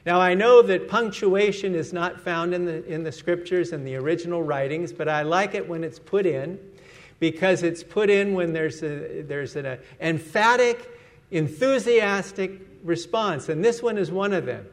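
A man's voice: sits high, normal speed. A man preaching a sermon as pastor, earnest and emphatic, letting his voice fall at the end of each phrase.

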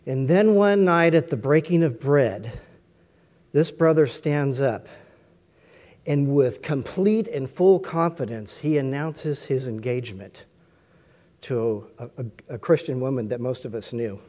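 Mellow-voiced man preaching a sermon. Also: medium pitch, lively intonation, unhurried. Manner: conversational, asks rhetorical questions.

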